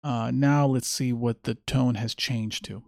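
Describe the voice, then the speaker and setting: A man's voice: medium pitch, steady tone, a little slow, gravelly, a little mellow, dry recording, clean studio sound. A man hosting a podcast monologue, talking in a sardonic, mocking way. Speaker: podcast host. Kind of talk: monologue commentary.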